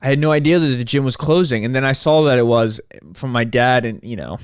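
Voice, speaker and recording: Smooth-voiced young man venting on a podcast. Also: medium pitch, fairly quick, no echo, clean studio sound. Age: 20s. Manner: frustrated, rambling, swears often. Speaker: podcast host. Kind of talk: solo podcast monologue.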